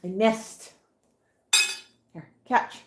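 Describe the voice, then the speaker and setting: A woman playing catch with her pet birds and talking to them in doting baby talk. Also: extremely slow. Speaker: pet parrot owner. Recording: echoey room with clear noise.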